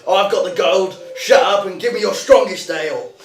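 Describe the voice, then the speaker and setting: A man voicing a huge, brash male war troll mercenary, gruff and boastful, in an echoey room with music behind. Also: high-pitched, moderate pace, distant mic, voice pushed up. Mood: boisterous.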